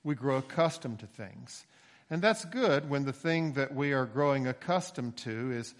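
Male preacher, measured emphatic delivery, mid-pitched voice, echoing church hall. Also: lively intonation. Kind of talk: sermon with scripture reading.

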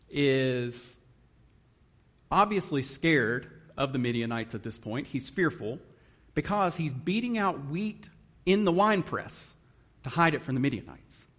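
A man's voice: mid-range voice, lively intonation, measured pace, pauses often. A man preaching a sermon in an earnest manner, reading scripture and explaining it. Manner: earnest, emotional at times, reads scripture aloud. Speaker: guest preacher.

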